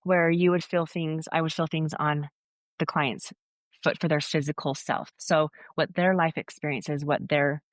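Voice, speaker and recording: A woman's voice: sits low, fairly even intonation, moderate pace, dry recording. A woman guest on a podcast, earnestly telling a rambling story and acting out bits of quoted dialogue in conversation. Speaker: foot zoner, podcast guest.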